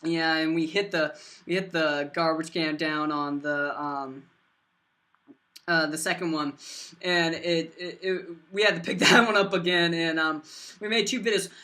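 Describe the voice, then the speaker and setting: Excitable teenage boy telling a story. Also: a little high, a little slow. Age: teens. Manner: excitable, many fillers, bursts into loud silly voices. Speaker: vlogger. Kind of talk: rambling storytime.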